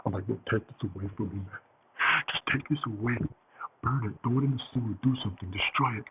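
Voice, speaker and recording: The audio here is tinny and phone-like with a slight hiss, as a man with a lowish voice talks fast through a rambling, casual story. He swears a lot and uses many fillers.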